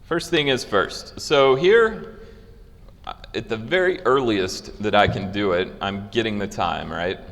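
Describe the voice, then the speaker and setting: A man's voice: fairly low pitch, measured pace, fairly bright tone, in a large hall. A man giving a technical conference talk with live demos, casual and loose, with frequent fillers and restarts. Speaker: conference speaker. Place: conference hall.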